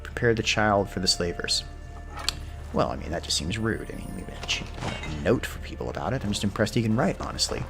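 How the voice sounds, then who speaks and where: Male game streamer, deep and animated, rambling history tangents over background music. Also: fast, creaky, few pauses. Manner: chatty, rambles into history asides. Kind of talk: casual gameplay commentary.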